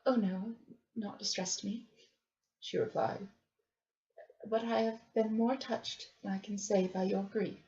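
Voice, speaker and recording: Woman voicing a resolute young victorian wife, soft, appealing, muffled lo-fi sound. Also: mid-range voice, fairly even intonation, unhurried, long pauses, natural voice. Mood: earnest. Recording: dull lo-fi recording.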